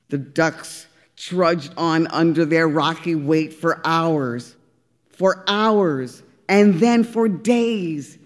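Expressive woman reading a storybook slowly. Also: low voice, long reverb tail. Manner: expressive, slow and deliberate. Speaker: audiobook reader. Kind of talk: storybook narration.

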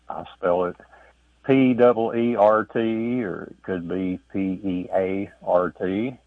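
A male caller from Kentucky asking about a word, slow and careful, spelling it out. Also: low-pitched, no room sound. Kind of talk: phone-in question. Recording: tinny distant phone line.

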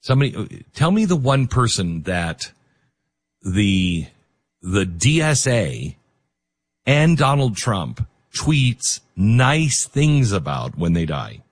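A low, husky-voiced man hosts a talk radio show with a lively, swinging delivery. He speaks with emotional emphasis into a dry studio microphone. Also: slow pace, dry recording.

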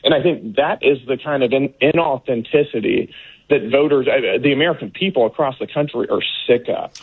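A man's voice: mid-range voice, a little fast, husky. A man speaking as a political guest, scornful and dismissive, laughing at his opponents. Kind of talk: remote interview commentary. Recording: tinny phone-like line.

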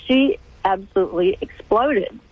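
A middle-aged woman calling in to a radio show, telling a family story in halting, restarting sentences. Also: mid-range voice, husky. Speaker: caller. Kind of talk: call-in radio conversation. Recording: tinny phone line, dry.

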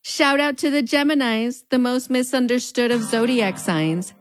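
A woman's voice: normal speed, slight background noise. Wry Mexican American border-accent woman. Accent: Mexican American border (fronterizo). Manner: conversational and wry, with playful pitch swings. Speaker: host. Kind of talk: scripted pop-culture commentary.

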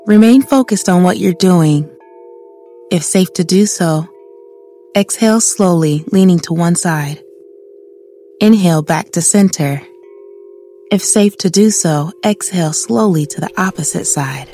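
A woman narrating an ad that guides listeners through slow breathing in a soothing way. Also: on the low side, dark tone, faint music behind. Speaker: ad voice-over.

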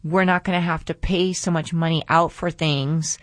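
A woman's voice: deep voice, fairly even intonation, normal speed, dry recording. A woman hosting a faith-based radio talk show, earnest and a little preachy as she draws lessons from scripture.

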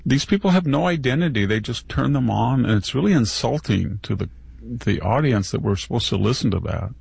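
A man's voice: mid-range voice, animated, moderate pace, creaky, darkish tone, husky, no echo. A male guest commentator talking casually and mockingly about politicians. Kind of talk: casual opinionated chat.

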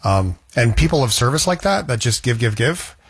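A man's voice: medium pitch, big pitch swings, moderate pace, slightly rough. A man hosting a casual chat, reflective and easygoing. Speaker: host.

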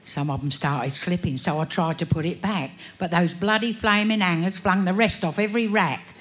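A woman's voice: fairly low pitch, moderate pace. An Australian woman recites a comic rhyming poem, with broad, self-mocking delivery and a sing-song rhythm. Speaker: bush poet.

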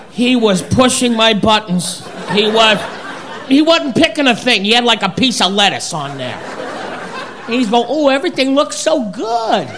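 High-pitched guy ranting stand-up on stage, crowd laughing and noise all around. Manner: loud, ranting, exasperated delivery. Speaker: stand-up comedian. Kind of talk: stand-up comedy routine. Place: comedy club stage with audience. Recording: live club recording with crowd and noise.

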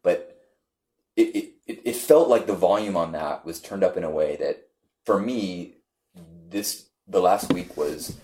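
A man telling a story in casual chat, animated and halting, with many repeats and fillers. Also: low voice.

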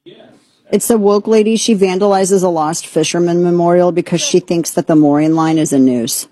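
A woman's voice: lowish voice, moderate pace, mellow. A woman hosting a radio talk show, commenting in an incredulous, mocking way.

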